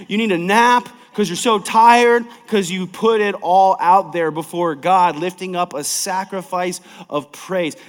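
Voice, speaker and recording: Emphatic high-voiced pastor preaching. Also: male voice, long reverb tail. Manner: energetic, emphatic preaching with big swings from loud to soft. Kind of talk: sermon. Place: large church.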